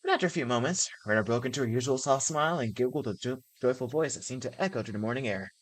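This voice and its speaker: A woman's voice: a bass voice, quick pace. A woman streaming a visual novel, narrating its first-person text aloud and laughing at moments. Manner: laughs and reacts excitedly between passages.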